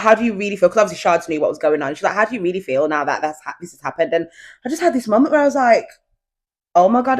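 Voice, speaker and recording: A young woman hosting her own podcast at home, talking casually and confidingly straight to her listeners. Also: mid-range voice. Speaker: podcast host. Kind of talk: casual solo podcast chat. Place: at home, indoors.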